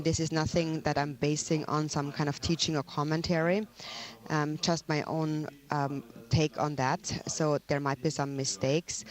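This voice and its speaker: A man explains a Buddhist teaching, his voice sitting a little high and staying fairly flat in tone. He talks humbly and hesitantly, breaking up his sentences with frequent ums.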